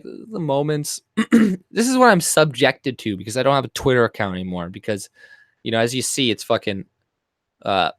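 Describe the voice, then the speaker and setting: A man's voice: mid-range voice, dry recording. A man from Canada giving a rambling, profane and scornful commentary while scrolling through posts. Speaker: commentary vlogger. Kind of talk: ranting screen-share commentary.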